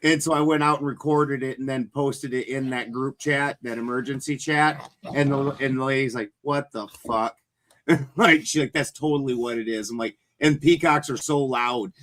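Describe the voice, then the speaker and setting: A man's voice: mid-range voice, steady tone, normal speed, fairly bright tone. A man in casual chat, telling loose, rambling stories and swearing freely.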